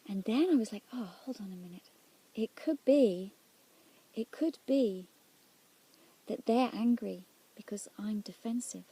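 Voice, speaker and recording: A woman telling of a prayer experience in a reflective, halting way, often dropping into near-whispers. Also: mid-range voice, breathy edge. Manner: soft-spoken, drops often into near-whispers; halting and searching, with restarts. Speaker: Christian speaker sharing a prayer experience. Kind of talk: reflective personal testimony.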